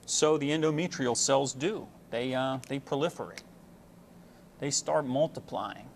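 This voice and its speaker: A man's voice: fairly high pitch, expressive, a little slow, long pauses, a little hiss or hum. A man giving a casual medical lecture, folksy and full of fillers, explaining with homely analogies.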